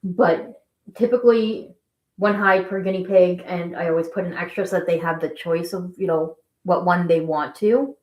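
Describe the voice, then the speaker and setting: A woman's voice: on the low side, moderate pace, highs cut off. A woman hosting a casual live stream, chatting and rambling as she answers viewer questions. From Canada. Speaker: guinea pig channel host. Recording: echoey room.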